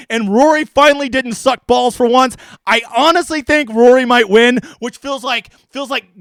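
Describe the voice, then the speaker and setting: A man with a very high-pitched voice rattles on brashly through a casual live stream, swearing freely and going off on tangents. The sound is dry and close, with no room echo. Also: fairly bright tone. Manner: brash, profane and rambling. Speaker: fantasy sports streamer.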